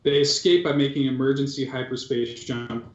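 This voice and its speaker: A man's voice: mid-range voice, steady tone, fairly quick, lightly acted. Man voicing a droid crime boss, smug, commanding, roomy room. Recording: dull, roomy recording.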